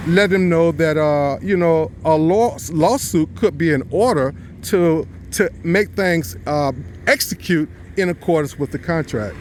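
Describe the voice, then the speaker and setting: A man, a real estate investor, telling a story about a deal, speaking deliberately and stressing key words as he quotes the people involved. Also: sits high, a little hiss or hum.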